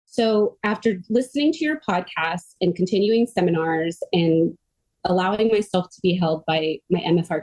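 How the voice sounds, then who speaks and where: A middle-aged woman telling her story as a podcast guest, earnest and animated, full of "like" fillers. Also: mid-range voice. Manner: earnest and animated, frequent "like" fillers, quotes others in her own voice. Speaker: podcast guest, myofascial release therapist. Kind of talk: conversational interview storytelling.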